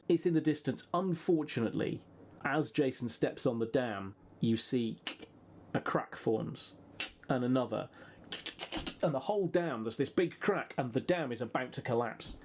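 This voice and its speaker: A man with a medium-pitched, darkish voice runs a comedic tabletop role-playing game as game master, playfully narrating and readily putting on voices and sound effects.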